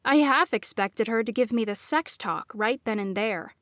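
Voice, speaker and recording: A woman reading a first-person novel as audiobook narrator, in a measured, expressive delivery. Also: a little high, no echo, studio quality.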